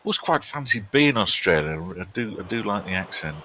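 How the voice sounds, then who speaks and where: A man's voice: lowish voice, very animated, normal speed, sharp tone. A man streaming a game, chatting casually in a dry, joking, mock-earnest way. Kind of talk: casual chat over gameplay.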